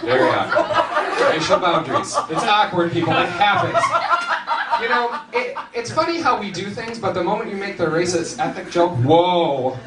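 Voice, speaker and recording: Lively high-voiced young male comic. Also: moderate pace. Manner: animated, laughing often, bursts of shouting. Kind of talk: stand-up comedy. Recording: roomy hall, distant mic, noisy.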